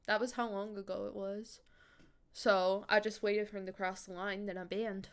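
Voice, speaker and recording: An animated woman streamer chatting casually with her viewers, laughing often and swearing freely. She talks in a raised character voice at a mid pitch for a woman. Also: normal speed, clean tone. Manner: puts on a higher character voice. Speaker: streamer and voice actor.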